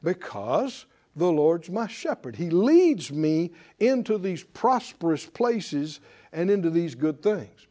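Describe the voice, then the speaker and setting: A man preaching a sermon, repeating declarations emphatically and calling on listeners to say them back, sometimes dropping to a quieter conversational telling. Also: on the high side, sing-song, takes it slowly. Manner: calls for responses from listeners.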